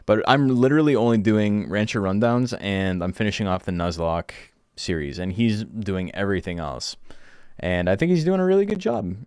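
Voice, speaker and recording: Low-voiced man ranting on stream. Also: lively intonation, normal speed, a little mellow, clear, resonant tone, no echo, studio quality. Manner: ranting, swears a lot, quotes chat in mocking voices. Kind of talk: casual stream chat. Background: faint background music.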